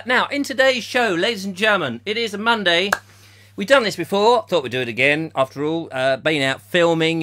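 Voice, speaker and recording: A man's voice: on the high side, bright, forceful tone. A middle-aged man from England hosting a comic live chat show, rambling and joking while reading out viewers' comments. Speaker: host.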